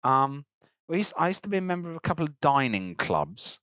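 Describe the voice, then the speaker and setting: A man's voice: a little high, brisk, no room sound. A man telling a long anecdote in casual podcast chat, slipping into voices for the people in his story. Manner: animated anecdote teller, slips into character voices. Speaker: podcast co-host.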